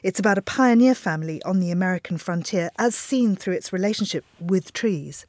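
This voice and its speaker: A woman interviewer who asks questions in a curious, measured way. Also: lowish voice, animated, darkish tone, no room sound.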